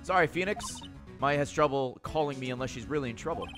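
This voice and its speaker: A man voicing a calm, composed young woman lawyer who guides the hero. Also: mid-range voice, quick pace, music in the background, natural voice. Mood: reassuring.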